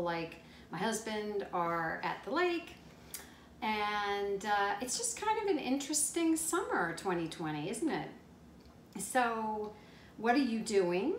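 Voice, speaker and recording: A woman's voice: mid-range voice, fairly bright tone. A middle-aged woman vlogger chatting enthusiastically with viewers from her kitchen at home. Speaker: lifestyle vlogger. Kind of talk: casual chat to viewers. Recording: echoey kitchen with faint background noise.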